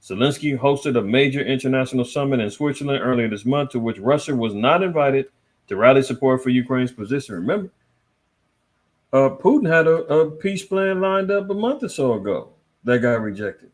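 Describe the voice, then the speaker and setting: Animated man giving news commentary. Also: normal speed. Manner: animated, swinging between loud and low, reads articles aloud, talks to chat. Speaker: host. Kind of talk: casual news commentary livestream.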